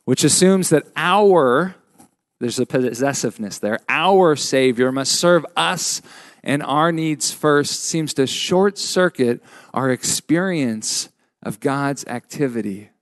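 A man preaching a sermon as a pastor, measured and emphatic with frequent pauses. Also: medium pitch, animated, no room sound, clean studio sound.

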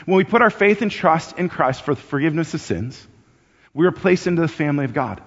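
High-voiced man preaching in an echoing hall. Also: animated, fast talker. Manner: conversational, repeats words, rises when acting out urgent appeals. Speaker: pastor. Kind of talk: sermon. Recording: dull sound with long hall reverb.

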